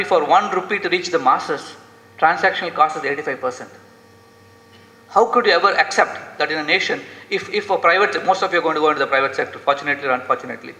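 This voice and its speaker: A man's voice: fairly high pitch, sharp tone. A man giving an earnest, impassioned lecture in an echoey lecture hall. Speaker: guest lecturer. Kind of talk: inspirational lecture.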